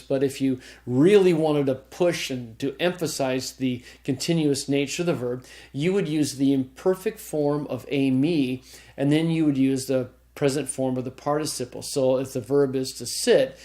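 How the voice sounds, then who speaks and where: A man's voice: medium pitch, a little mellow. A man teaching a Greek grammar class, explaining step by step and checking in with his students. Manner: explanatory, checks in with "okay?", frequent restarts. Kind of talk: recorded classroom lecture.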